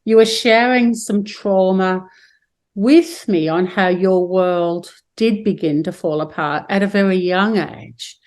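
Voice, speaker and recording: A woman's voice: mid-range voice, takes it slowly, darkish tone. An Australian woman hosting a spiritual podcast over a video call, speaking in soothing, gushing affirmations. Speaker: podcast host.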